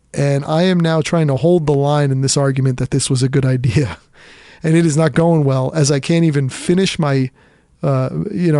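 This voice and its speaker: A man with a fairly high, slightly mellow voice hosts a podcast, recorded dry at studio quality. He's sick with a cough and tells a long story as a casual monologue, rambling and self-deprecating with plenty of fillers and restarts.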